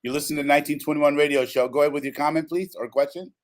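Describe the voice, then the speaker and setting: A man's voice: a little high, steady tone, very fast. A man hosting a radio talk show, upbeat and playful.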